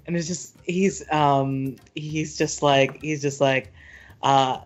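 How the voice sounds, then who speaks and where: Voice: mid-range voice, slow pace. Laughing tabletop player. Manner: chatty, laughing often. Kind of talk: describing a character in a tabletop game.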